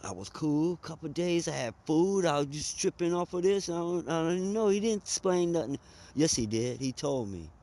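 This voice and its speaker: A man's voice: on the high side, animated, moderate pace, mellow. A man, telling a personal story in a conversational, emphatic way. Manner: conversational, emphatic, drawls and speeds up.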